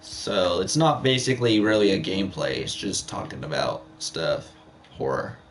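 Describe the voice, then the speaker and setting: Rambling young male streamer, lowish voice. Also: very animated, normal speed, a little hiss or hum. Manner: rambling, repeats himself, many fillers. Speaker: live streamer. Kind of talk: casual live stream chat.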